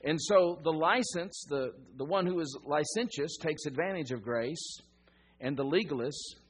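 A man preaching a sermon as a pastor, teaching through a letter and repeating key phrases slowly for emphasis. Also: fairly high pitch, husky.

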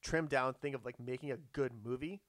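A man's voice: medium pitch, steady tone, a little fast, no echo. A man chatting casually about movies, rambling, with frequent fillers and restarts.

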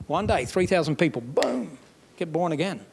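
A male pastor with a Southern US accent preaches in a fairly high voice. He talks in a folksy, emphatic way and pushes up into loud, rising stretches. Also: big pitch swings, normal speed, creaky, slight background noise. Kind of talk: sermon.

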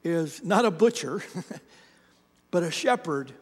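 A man with a noticeably high voice delivers a sermon in an easy, conversational, storytelling manner. He circles back and restarts his phrases often, and the long reverb of a large hall trails after every line. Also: lively intonation, slow pace, slightly rough. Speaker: pastor.

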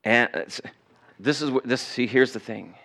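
A male pastor preaching a sermon, swinging between loud emphasis and hushed asides. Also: medium pitch, normal speed, vocal fry.

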